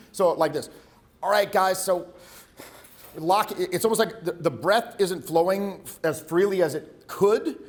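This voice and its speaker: A man teaches a room full of students, casual and profane, pushing his points in a bold, direct way. His voice sits a little higher than most men's. He talks like a coach, not a lecturer. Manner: blunt, profane, conversational. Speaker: voice and presence coach. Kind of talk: live workshop coaching.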